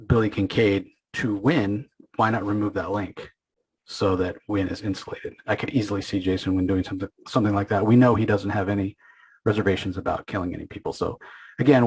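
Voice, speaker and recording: With a husky, lowish voice on a rough recording, this man runs a comic book podcast. He goes over an issue informally, voicing its scenes in rapid quotes while often stalling on fillers and starting over.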